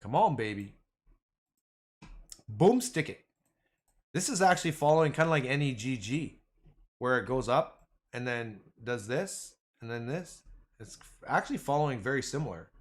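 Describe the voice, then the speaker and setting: A man chatting casually through a trading livestream, rambling and excitable, calling his viewers "boys" and "man". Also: medium pitch, normal speed, pauses often. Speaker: stock trading streamer. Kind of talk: casual livestream chat over charts.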